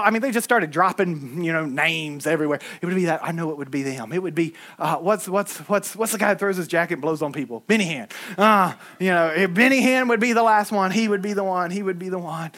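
A man, preaching a lively sermon with folksy asides and shouted lines. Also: high-pitched.

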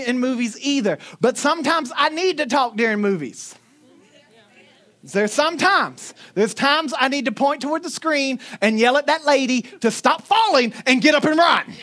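A woman's voice: high-pitched, a bit bright. A woman in her forties from Northwest Florida, preaching a sermon in her Northwest Florida accent with conversational, joking asides to the congregation. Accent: Northwest Florida Southern. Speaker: pastor.

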